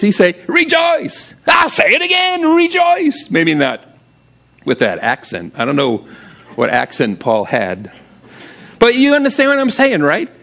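A man preaching a sermon in a church, animated, asking the congregation for amens and breaking into sudden shouts. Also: sits high, creaky. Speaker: pastor. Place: church sanctuary.

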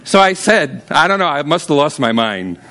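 A man preaching a sermon as pastor, casual and humorous, telling stories and often jumping up high for emphasis. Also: big pitch swings, normal speed, bright, forceful tone, a faint crowd, slight background noise.

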